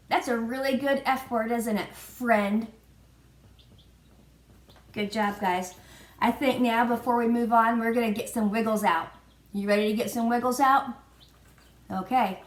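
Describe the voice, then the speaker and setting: Preschool teacher, female, unhurried sing-song delivery, roomy echo. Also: a little high. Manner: slow, sing-song prompting with spelled-out letters. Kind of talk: children's virtual lesson. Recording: echoey room.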